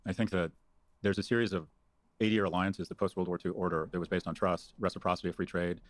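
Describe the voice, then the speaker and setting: A man's voice: deep voice, steady tone, fast, dry recording. A man from the United States talking as a guest in an interview, confident and blunt in his opinions. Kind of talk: conversational interview.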